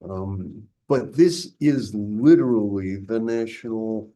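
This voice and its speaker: An older man speaks as a guest in a conversational interview, emphatic and prone to restarting his sentences. His voice sits low and sounds dark and mellow. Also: takes it slowly. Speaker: guest historian.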